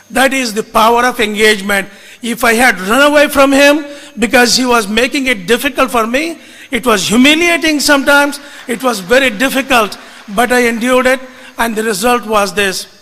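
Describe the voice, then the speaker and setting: Male speaker, high bright voice, earnest storytelling, hall reverb. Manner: earnest, deliberate, mixes in Hindi phrases. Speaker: speaker recounting his media engagement. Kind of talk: storytelling talk to an audience.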